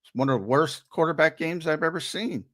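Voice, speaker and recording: A man's voice: on the high side, a little fast, a bit bright. A man co-hosting a sports talk show, arguing his points emphatically and often repeating words as he gets worked up. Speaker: co-host and sports analyst.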